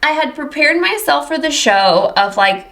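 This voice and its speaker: Bright woman in her 30s telling her story on a podcast, acts out every reaction. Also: sits high, moderate pace. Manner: animated storyteller acting out quoted reactions. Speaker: podcast guest. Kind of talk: casual chat.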